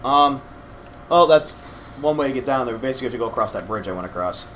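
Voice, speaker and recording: A man's voice: mid-range voice, expressive, fast talker, a bit bright. A young man with a slightly scratchy throat, casually explaining a video game to his partner in a hedging, self-deprecating way. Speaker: co-host gamer guiding his partner. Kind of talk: casual let's-play commentary.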